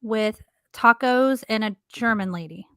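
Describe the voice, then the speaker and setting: A woman's voice: a little high, a little slow, smooth, dry recording. Woman in her thirties, co-host, casual podcast chat, frank and earnest, dry close sound.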